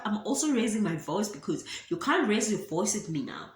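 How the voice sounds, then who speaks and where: A woman's voice: mid-range voice, normal speed. A young woman from South Africa with a South African accent, telling a dramatic story in a casual storytime vlog. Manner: animated, dramatic, mixes in Zulu phrases. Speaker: YouTuber. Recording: echoey room.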